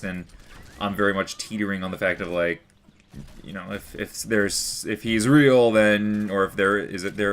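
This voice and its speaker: Earnest rambling young man, low voice. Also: a bit bright, a little hiss or hum. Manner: rambling, earnest, heavy use of "like" and "you know". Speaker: vlogger. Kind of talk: personal storytelling to camera.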